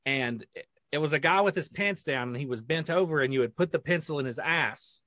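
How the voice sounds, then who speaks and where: An American man telling rambling stories in casual podcast chat. His voice is bright and clear, and his pitch swings widely. The sound is dry and close. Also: fairly quick, no echo. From United States. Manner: lively, rambling storyteller. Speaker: podcast guest.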